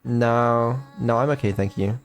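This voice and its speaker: A man's voice: medium pitch, fairly even intonation, unhurried. Hesitant man mumbling through a dev stream. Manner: mumbling, hesitant, many ums, dry sarcasm. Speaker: developer and streamer. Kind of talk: casual stream chat.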